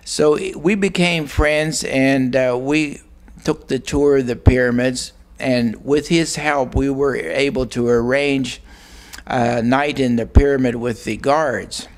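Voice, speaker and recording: An older man from Arizona, telling a personal story in a plain, unhurried way with frequent pauses. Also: medium pitch, fairly even intonation. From Arizona, USA. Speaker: guest recounting a personal experience. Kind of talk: storytelling monologue.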